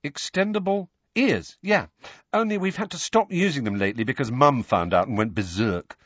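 A man reading an audiobook, voicing an awkward teenage boy who talks in a halting, offhand way. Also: mid-range voice, fairly bright tone, no room sound, muffled recording, pitched above the performer's own voice, lightly acted. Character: Ron, awkward teenage boy, a bit slow.

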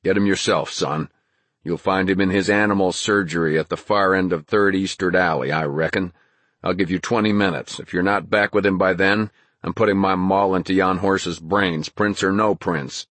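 A gruff, stubborn head groom, played by a male reader. He talks low and blunt, with a husky rasp in a storybook telling. His words come slow and flat. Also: dry recording. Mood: grim.

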